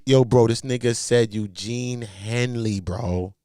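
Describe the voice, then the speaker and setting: A man hosting a commentary show, talking in heavy slang, emphatic, jumping from loud outbursts to low mutters. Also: slow pace, hardly any pauses, no echo, clean studio sound. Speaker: commentary host. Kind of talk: animated commentary.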